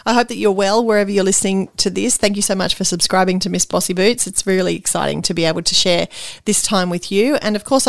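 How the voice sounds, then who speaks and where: A woman hosts her podcast alone, chatting with bubbly enthusiasm and gushing asides. Her voice sits at a middle pitch, recorded close and dry with no room sound. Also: vocal fry, no room sound. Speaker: podcast host. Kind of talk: solo podcast monologue.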